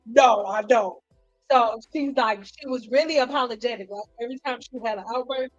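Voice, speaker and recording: A woman hairstylist telling stories in a casual vlog, animated and acting out what people said. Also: on the high side, normal speed. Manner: animated, acts out quotes, frequent "like". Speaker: hairstylist vlogger. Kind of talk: casual storytelling to camera. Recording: dull lo-fi sound with faint music behind.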